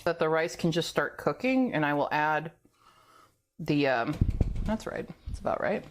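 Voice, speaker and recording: A woman with a slightly low voice chats her way through a cooking vlog in her kitchen. She rambles, laughs often and mutters to herself as she works. A faint hiss of noise sits under the recording. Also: lively intonation, unhurried. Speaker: cooking video host. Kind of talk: casual chatty cooking vlog. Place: home kitchen.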